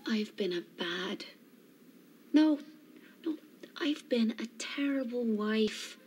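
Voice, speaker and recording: An actress voicing a timid young Catholic wife, giving a hushed, tremulous confession in a whispered role-play. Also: female voice, fairly high pitch, lively intonation, takes it slowly, slight background noise. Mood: fearful confession.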